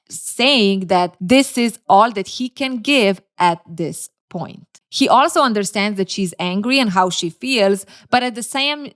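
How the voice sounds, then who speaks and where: Woman host, casual recap vlog, blunt and candid, mid-pitched. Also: a bit bright. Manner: blunt, opinionated, openly emotional. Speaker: reality show reviewer.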